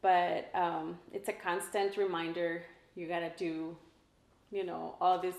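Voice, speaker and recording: A woman's voice: on the low side, little pitch movement, measured pace, creaky, darkish tone. A middle-aged woman with an El Paso Texas accent, a guest talking casually and emotionally, laughing often. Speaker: guest, realtor. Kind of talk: casual interview chat. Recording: echoey room.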